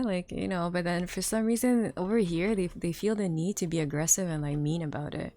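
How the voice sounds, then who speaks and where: A woman streamer chats casually with viewers, rambling with many fillers and restarts and laughing often. Her voice is lowish and dark, fairly quick with hardly any pauses, and faint music plays underneath.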